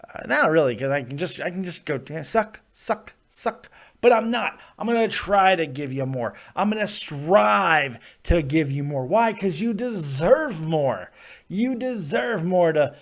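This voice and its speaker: With a slightly high voice and lively intonation, this man speaks in an unhurried way. He's ranting through a live wrestling review podcast, laughing often and cursing a lot, all while he's getting sick and his ears are plugged.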